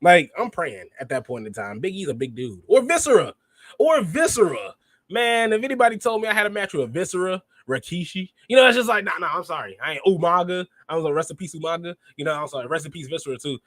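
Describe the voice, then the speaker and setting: Animated man recapping wrestling, bit high. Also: quick pace, no room sound. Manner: animated, rambling, acts out quotes. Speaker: podcast host.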